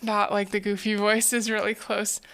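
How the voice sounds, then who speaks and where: A woman's voice: mid-range voice, little pitch movement, moderate pace, fairly bright tone. A woman streamer chatting casually with her viewers, giggling often and repeating words as she thinks. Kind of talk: casual live-stream chat.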